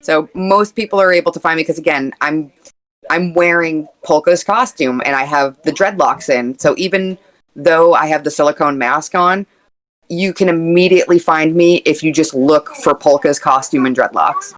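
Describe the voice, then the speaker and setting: A woman guest on an interview podcast, talking candidly and earnestly with quick playful quips. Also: deep voice, rough recording. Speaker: guest, content creator and actor. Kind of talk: casual interview chat.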